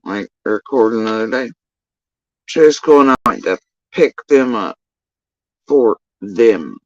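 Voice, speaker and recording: A man's voice: fairly low pitch, lively intonation, takes it slowly, dry recording. Man, profane rambling commentary, exasperated storytelling, muffled dry recording. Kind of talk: casual true-crime commentary rant.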